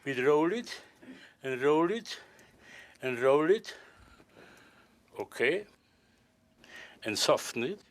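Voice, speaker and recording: A man's voice: on the high side, animated, takes it slowly, long pauses. An older man performing as a stage magician, joking and courtly with volunteers in careful. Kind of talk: live magic performance patter.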